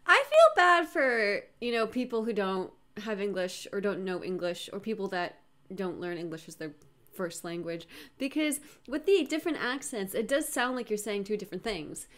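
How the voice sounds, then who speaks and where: A woman's voice: mid-range voice, lively intonation, moderate pace. A woman hosting a reaction video, chatting candidly about what she watches. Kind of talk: casual reaction chat.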